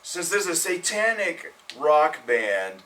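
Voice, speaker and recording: A man's voice: fairly high pitch, sing-song, takes it slowly, pushed and bright. A young man co-hosting a casual music chat, explaining things with enthusiasm. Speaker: podcast co-host. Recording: distant mic with faint noise.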